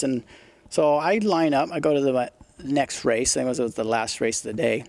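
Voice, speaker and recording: On a podcast, a middle-aged former motocross racer swaps stories in a casual interview, bluntly and with plenty of profanity, acting out quotes. His medium-pitched voice is fairly quick, with vocal fry and a slightly mellow tone, and there's no echo.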